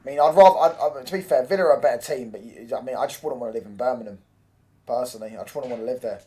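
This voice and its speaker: A man's voice: medium pitch, racing, dark tone. Slangy young man hosting a football watchalong. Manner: slangy, chatty banter reacting to chat and live match. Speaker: watchalong streamer. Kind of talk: casual live football watchalong chat.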